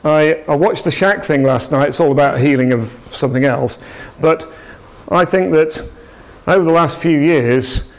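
A preacher gives an informal church talk, conversational and rambling, with frequent restarts and asides to the congregation. His voice sits on the high side at a normal speed.

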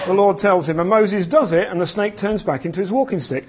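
A man preaching a sermon in an animated, conversational storytelling manner. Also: high voice, normal speed, few pauses, crowd noise. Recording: dull lo-fi sound.

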